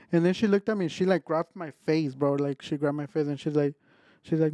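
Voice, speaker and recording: A man's voice: fairly high pitch, steady tone, moderate pace, a little mellow, dry recording, clean studio sound. A young man, a podcast co-host, telling a family story in a rambling casual way and acting out what people said. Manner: rambling, acts out his own quotes.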